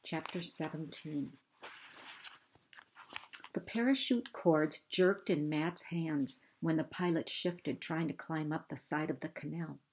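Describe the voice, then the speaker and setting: A woman reading a children's novel aloud, measured and unhurried, lifting her voice for the characters. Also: deep voice, a little mellow, a little hiss or hum. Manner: slow, measured storytelling with raised voices for dialogue. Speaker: reader.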